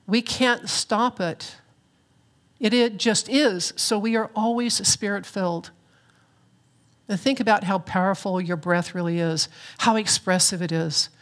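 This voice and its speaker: A woman's voice: mid-range voice, unhurried. Earnest woman preaching on spirit. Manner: reflective and earnest, with light humor. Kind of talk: spiritual sermon. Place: church platform.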